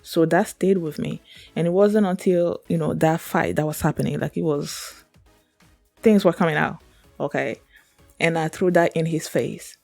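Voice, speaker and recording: Gravelly, mellow-voiced woman reacting earnestly. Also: low-pitched, normal speed, no echo, faint music behind. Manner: earnest, emotional, rambling with many fillers. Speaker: reaction channel host. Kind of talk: reaction commentary with a personal story.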